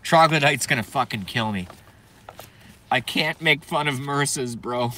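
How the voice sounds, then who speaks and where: A man's voice: medium pitch, normal speed, gravelly, pauses often, sharp tone, a little hiss or hum. A young man ranting casually on a live stream, joking, swearing, rambling and answering chat. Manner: profane, rambling, joking, reads chat aloud.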